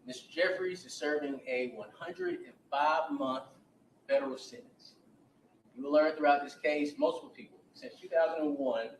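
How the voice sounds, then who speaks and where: Man, defense attorney, opening statement, lively swinging pitch, roomy courtroom sound, faint background hiss. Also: moderate pace. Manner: animated retelling, repeats and restarts words. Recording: roomy courtroom audio from a distance.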